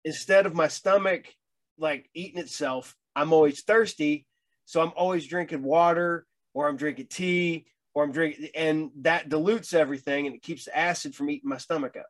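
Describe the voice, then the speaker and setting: A middle-aged man with a fairly high voice talks as a guest in a casual chat. He stumbles and repeats his words, adding dry, wry remarks. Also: steady tone, normal speed.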